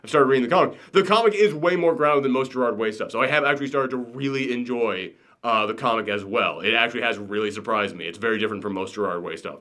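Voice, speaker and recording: A man hosting a casual review chat, animated and ranting, swearing and laughing as he goes. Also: mid-range voice, quick pace. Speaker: podcast co-host reviewing a TV show.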